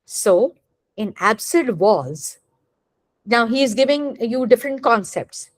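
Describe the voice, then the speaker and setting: An animated woman with a voice on the high side teaches a literature class, and no room sound is audible. Her lecture is deliberate, and she frequently asks rhetorical questions to check that students understand.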